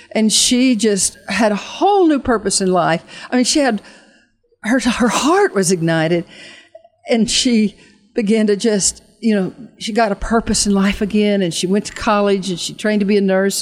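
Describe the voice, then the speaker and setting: This woman, a ministry leader, has a medium-pitched, darkish voice. She tells an emotional testimony and leads an altar call earnestly, her fervent preaching cadence broken by halting restarts and slowed for emphasis.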